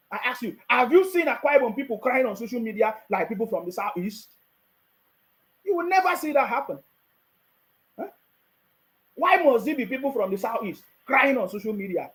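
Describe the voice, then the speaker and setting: Nigerian male political vlogger with a high voice who fires off taunting rhetorical questions. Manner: mocking, rhetorical questions, frequent laughter. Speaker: political commentator. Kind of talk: political commentary vlog.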